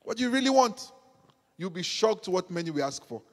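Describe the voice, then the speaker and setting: High-voiced preacher in a big hall. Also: male voice, very animated, brisk. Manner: emphatic, repeats phrases, rises to fervent peaks. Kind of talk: sermon. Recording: long reverb of a large hall.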